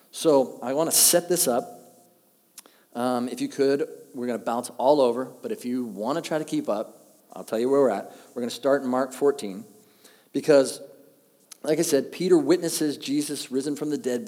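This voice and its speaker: A man preaching a sermon, telling the story with animated delivery and acting out the quoted lines. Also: medium pitch. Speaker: pastor. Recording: long hall reverb.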